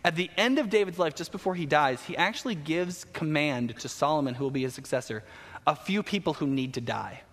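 A man preaching a sermon, retelling a Bible story in a casual, animated way with slang asides. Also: a little high, a little fast. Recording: long hall reverb.

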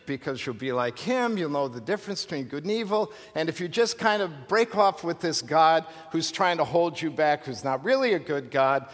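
A male pastor preaching an animated, emphatic sermon with rhetorical questions and humorous asides. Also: a little high. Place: church sanctuary. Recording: long hall reverb from a church.

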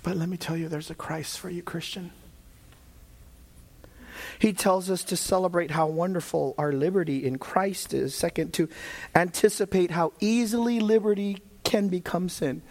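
A man with a notably high voice delivers a sermon. He moves between calm, measured Bible teaching and fervent, raised-voice exhortation, and he speaks directly to the congregation as brothers and sisters. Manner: swings from calm teaching to fervent shouted preaching. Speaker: preacher.

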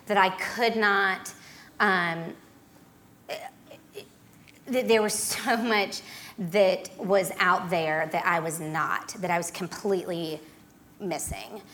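A woman giving a personal testimony as a guest speaker, telling her story in a dramatic, animated way. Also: lowish voice, slow, pauses often, slight background noise.

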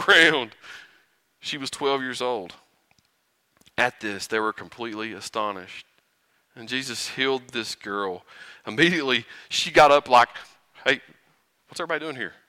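A man preaching a sermon, animated and often chuckling, building to rhetorical questions. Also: medium pitch, no room sound, studio quality.

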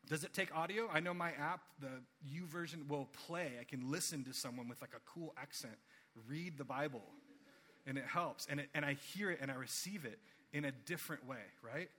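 A man in his thirties preaching a sermon, earnest and conversational, acting out quoted voices with big jumps. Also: normal speed. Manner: animated storytelling, acts out quotes with big pitch jumps. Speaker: pastor.

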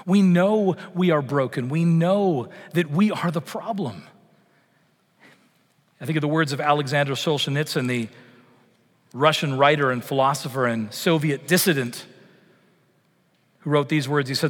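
A male pastor preaching a sermon, telling a personal story with animated, acted-out quotes. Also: fairly high pitch, moderate pace, pauses often. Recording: long hall reverb.

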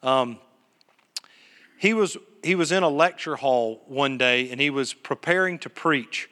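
During a live church service, a pastor with a mid-range, sharp-toned voice preaches earnestly at a measured pace through a PA microphone. He tells stories and poses questions to his congregation, and a long reverb tail fills the sanctuary.

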